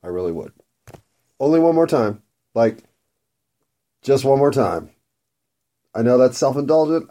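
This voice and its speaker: A man with a mellow, relaxed tone rambles through a casual monologue over his meal. He swears freely and drifts from one thought to the next at a middling pitch. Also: a little slow, long pauses. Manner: profane, rambling and food-obsessed. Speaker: vlogger.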